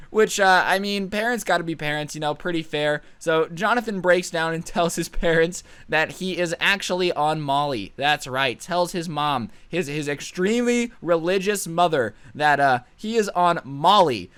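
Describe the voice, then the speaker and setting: A man in his twenties telling a comedic high school story, sarcastic and animated. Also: normal speed, few pauses, clean tone, dry recording. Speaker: storytime vlogger.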